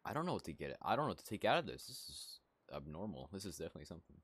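A man's voice: low voice, big pitch swings, rapid-fire, fairly bright tone, husky. A man streaming a video game, casually commenting and mumbling item text aloud. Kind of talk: casual let's-play commentary. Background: game soundtrack.

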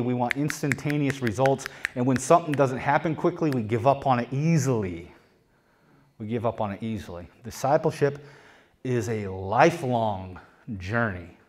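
A man preaching a sermon, conversational and emphatic, dropping soft and then building loud, and repeating key phrases. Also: mid-range voice.

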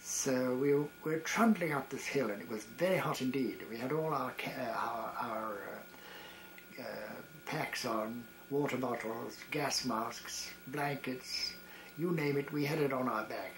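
In his eighties, a former variety performer recounts wartime memories, frequently stopping, starting over, and laughing at his own stories. His middling voice has a slightly bright quality, and the audio is poor, with slight background noise.

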